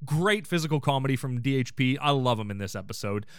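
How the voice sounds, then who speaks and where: A man hosting a podcast, recapping a sitcom episode in casual chat and quoting the characters in quick put-on voices. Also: mid-range voice, animated, smooth, no room sound, studio quality. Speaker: podcast host.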